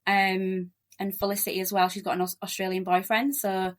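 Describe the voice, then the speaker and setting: Quick-talking Yorkshire woman. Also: medium pitch, level tone. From Leeds, West Yorkshire, England. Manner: quick-talking, chatty, laughs often. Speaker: podcast guest, relocation agent. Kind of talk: casual interview chat.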